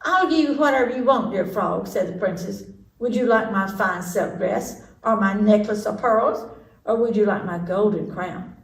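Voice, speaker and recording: A woman voicing a spoiled young princess who whines and pleads in a high, drawn-out voice, recorded in an echoey room from a distance. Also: gravelly, close to an everyday voice. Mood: pleading.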